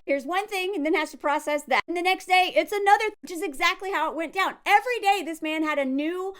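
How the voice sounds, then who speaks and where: Woman, high voice, casual commentary host, animated and laughing. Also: fairly quick, hardly any pauses. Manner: animated, frequent laughs, acts out quotes in character voices.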